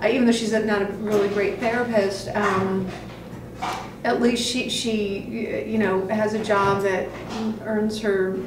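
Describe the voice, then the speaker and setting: A woman's voice: medium pitch, level tone, measured pace, background noise. A woman acting coach giving scene notes to an actor in an acting studio, animatedly acting out lines as she explains. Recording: echoey room, far from the mic.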